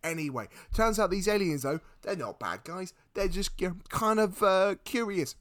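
A man co-hosting a podcast, telling a rambling comedic story in an animated, jokey way. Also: high-pitched, moderate pace, dry recording, clean studio sound. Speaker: podcast co-host.

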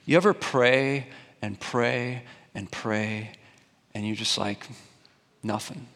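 A man's voice: mid-range voice, takes it slowly, gravelly, a bit bright, big-room sound. A young adult man preaching a conversational, emphatic sermon to a congregation, asking them questions. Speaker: pastor. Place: church sanctuary before a congregation.

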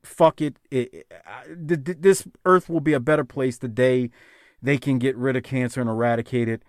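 A man's voice: medium pitch, steady tone, normal speed, no echo, studio quality. Rambling man on a podcast. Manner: rambling, heartfelt tribute with many restarts. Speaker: podcast host. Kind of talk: casual podcast chat.

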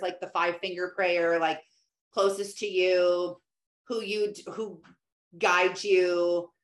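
A woman's voice: medium pitch, fairly bright tone. A middle-aged woman giving earnest devotional teaching, exhorting listeners between loose asides. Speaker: Christian teacher. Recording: roomy echo.

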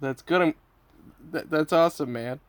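A man's voice: on the high side, moderate pace. A man from Canada, hosting a podcast in a casual, friendly chat, teasing and playing along with jokes. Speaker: podcast host.

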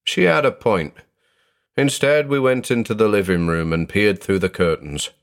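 A deep, low-voiced young Englishman reads a first-person horror story. His delivery is measured and suspenseful, and it builds dread in the quiet passages. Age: young adult. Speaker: narrator. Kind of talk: scripted horror narration.

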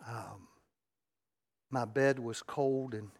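A middle-aged man, preaching a sermon and telling a raw, emotional personal story that swings between loud and hushed. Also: mid-range voice, steady tone, very slow. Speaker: pastor.

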